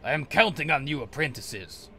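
Man doing a gravelly, bright-toned sorcerer master, grandiose and scornful, formal diction. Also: on the high side, lively intonation, normal speed, slight background noise, pitched above the performer's own voice. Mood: haughty. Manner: grandiose, haughty, formal speech. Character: pompous male sorcerer mentor, scornful of apprentices. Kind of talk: in-character gaming role-play.

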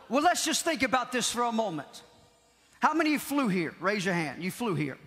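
A man preaching a Pentecostal sermon, impassioned, repeating key phrases and shouting at the peaks. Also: high voice, big pitch swings, fairly quick. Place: large church hall. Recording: long hall reverb.

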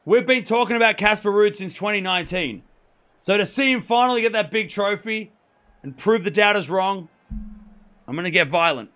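A hoarse man hosting a live tennis stream, talking excitably and rambling while chatting with viewers. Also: sits high, moderate pace, faint music behind. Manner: excitable, rambling, self-correcting. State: hoarse from hours of shouting.

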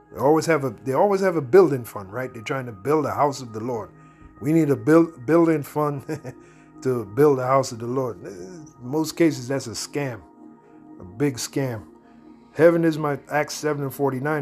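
A man delivers a blunt, slangy preaching commentary at a middle pitch. He slows down to read scripture verses aloud. Soft music plays quietly behind him. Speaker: Bible teacher.

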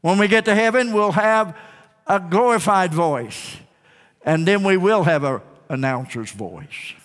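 Male pastor, high voice, emphatic call-and-response sermon, church reverb. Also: lively intonation, unhurried, fairly bright tone. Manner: emphatic preaching with call-and-response, repeated phrases. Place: church sanctuary. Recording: long reverb of a church sanctuary.

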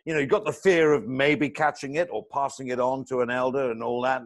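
A man co-hosts a casual chat over a video call at an ordinary middle pitch. He talks freely and banters with his co-host in a jokey way. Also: steady tone, brisk.

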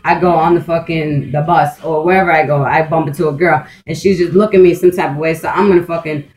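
This woman's voice sits low and a little mellow, with fairly even intonation and a fast pace, and the audio is poor. Vlogging in a rambling, casual monologue, she swears freely, often restarts her sentences and says "like" constantly. She's profane, blunt, streetwise, intense and emphatic.

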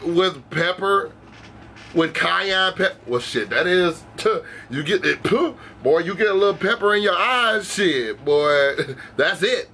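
A man's voice: high-pitched, expressive, slow, sharp tone, slight background noise. A young man giving casual reaction commentary in a slangy, profane, laid-back way, calling viewers bro. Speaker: reaction video host.

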